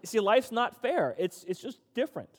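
A pastor with a high-sitting, very animated voice preaches a conversational sermon at normal speed. He acts out quoted complaints in a raised voice, and the recording carries long hall reverb.

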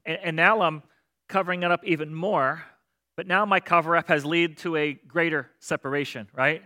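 A man preaching a sermon, lively and talkative, often checking in with the crowd with "right?" and acting out voices of the characters. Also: a little high, normal speed. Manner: animated, acts out voices of God and children. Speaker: pastor.

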